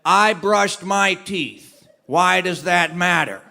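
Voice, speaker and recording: A man's voice: high voice, slow, creaky, pushed and bright, exaggerated voice. Man doing an uneasy young camper. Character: nervous boy camper on the top bunk.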